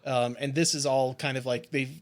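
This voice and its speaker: A young man co-hosting a podcast, rambling and animated with lots of fillers and swearing. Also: mid-range voice, normal speed. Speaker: podcast co-host. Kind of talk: casual chat.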